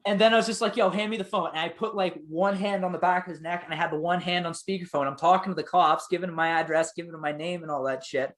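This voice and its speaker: A man's voice: on the high side, fast, hardly any pauses. Man, profane storyteller. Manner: swears freely, quotes people in lively voices. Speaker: podcast co-host telling a story. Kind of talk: casual chat.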